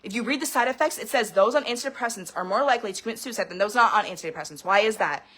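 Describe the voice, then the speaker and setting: A woman's voice: medium pitch, animated, rapid-fire, fairly bright tone, husky. A woman in her thirties ranting to camera in a heated personal vlog, swearing freely and veering between laughter and tears. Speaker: vlogger. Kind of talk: emotional personal rant to camera.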